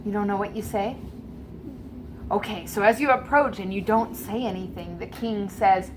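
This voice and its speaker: A woman serving as game master, narrating a tabletop adventure for a child in an animated, gently coaxing way. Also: medium pitch, moderate pace, a little hiss or hum.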